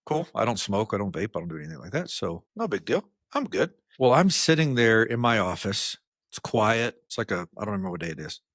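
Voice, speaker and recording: A man co-hosting a podcast, telling workplace stories in casual chat and acting out the quotes with big jumps in pitch. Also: brisk, no echo, clean studio sound. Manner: animated storyteller, acts out quotes with jumps in pitch. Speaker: podcast co-host.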